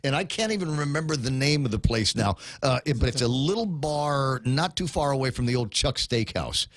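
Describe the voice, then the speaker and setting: A man's voice: mid-range voice, lively intonation, brisk, no echo. A man hosting a morning radio talk show from the studio, rambling casually with fillers, restarts and chuckles. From Guam. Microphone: studio mic.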